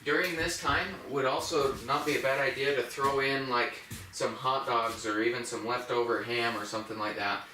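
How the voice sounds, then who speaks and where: A man's voice: fairly even intonation, normal speed, hardly any pauses, bright, forceful tone, far from the mic. A man working as a dog trainer, giving a practical step-by-step demonstration at home. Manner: plain, practical explaining, high praise voice to the puppy. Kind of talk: instructional demonstration. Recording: roomy echo, voice off-mic.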